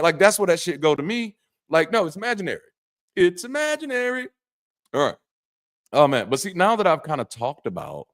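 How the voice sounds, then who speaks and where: A man who used to be a pastor, hosting a live call-in stream and talking to the chat with animated emphasis, preacherly phrasing, blunt slang, casual swearing and frequent restarts. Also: on the high side. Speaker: host of a live call-in show, former pastor. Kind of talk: livestream monologue to chat.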